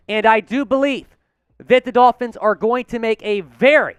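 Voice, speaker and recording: Excitable high-voiced male sports host. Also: normal speed, smooth, no echo. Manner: excitable, hyped, chants and cheers. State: out of breath. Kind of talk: live sports news chat.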